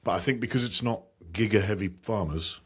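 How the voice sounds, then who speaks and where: A man with a fairly low voice, talking in an easygoing, rambling way on a podcast. He swears casually and leans on plenty of ums and likes. It sounds like relaxed chat between friends. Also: a little fast, husky. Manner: laid-back, swears, rambling with fillers. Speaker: podcast co-host and commentator.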